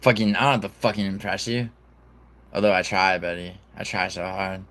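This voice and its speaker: A man's voice: sits low, level tone, fairly quick, a bit bright. A man hosting a casual livestream, rambling and swearing, full of fillers and restarts. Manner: reads news reports aloud. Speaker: livestream host.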